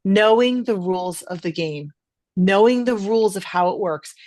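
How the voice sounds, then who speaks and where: A woman's voice: medium pitch, normal speed, darkish tone, dry recording. Emphatic middle-aged woman podcast host. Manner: emphatic, stresses words. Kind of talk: casual podcast conversation.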